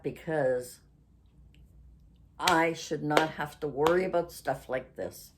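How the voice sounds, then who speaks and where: Slow-talking older Canadian woman. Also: low voice, slight background noise. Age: 60s. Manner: rambling, loses her train of thought; indignant ranting. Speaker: craft channel host. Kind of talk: casual chatty vlog.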